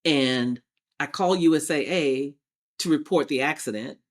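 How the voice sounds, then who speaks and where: A woman's voice: low voice, unhurried. A woman as a podcast guest, telling her personal story and acting out past conversations as she goes. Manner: animated, acts out past exchanges in quotes.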